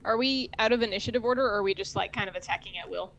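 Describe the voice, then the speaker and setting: A woman's voice: medium pitch, rapid-fire, creaky, a bit bright, lo-fi sound, a little hiss or hum. A woman chatting casually as a player in a tabletop game.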